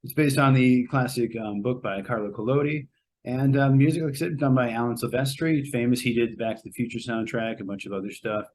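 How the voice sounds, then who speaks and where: A man casually reviewing a movie on a podcast, rambling and hesitant, with many pauses and fillers. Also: medium pitch, darkish tone. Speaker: podcast co-host reviewing a film. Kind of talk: casual spoken film review.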